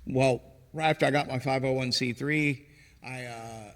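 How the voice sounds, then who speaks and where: A man who founded a ministry, guesting on a podcast and telling rambling, animated stories, often acting out what people said. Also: medium pitch, normal speed. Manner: rambling, animated storyteller who acts out quotes. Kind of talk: casual storytelling interview. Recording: long reverb, hall-like room.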